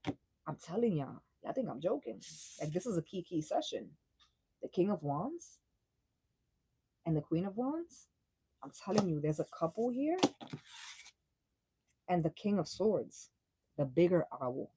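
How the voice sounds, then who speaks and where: A young woman giving a casual live tarot reading, blunt and profane, full of slang and quick laughs. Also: fairly low pitch, sing-song, mellow, slightly rough, dry recording, poor audio. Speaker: tarot reader.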